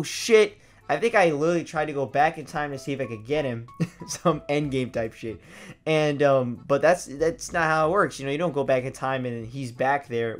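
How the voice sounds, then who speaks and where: A young man hosting a gaming vlog, telling a story in a loose, swearing way and acting out his old reactions with sudden loud, high bursts. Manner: animated, swears freely, acts out his past reactions in loud high outbursts. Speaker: gaming video host.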